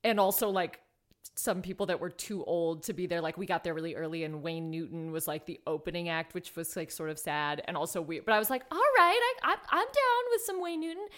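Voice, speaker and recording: A woman in her thirties from Los Angeles, a podcast guest chatting casually with lots of laughter and playful quoted voices. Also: fairly quick. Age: 30s. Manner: animated storyteller, laughs often, jumps into high quoted voices. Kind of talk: casual chat.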